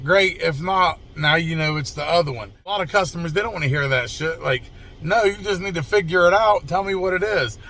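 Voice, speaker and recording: A man's voice: a little high, pushed and bright, a little hiss or hum. A young adult man, a mobile mechanic, casually telling a story to camera in a blunt, profane, conversational way. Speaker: mobile mechanic and channel host.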